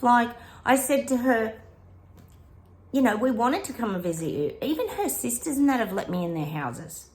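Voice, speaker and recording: A middle-aged woman with an Australian accent, a psychic vlogger venting in a casual rant straight to her viewers. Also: mid-range voice. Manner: frustrated, venting, talks straight to her audience.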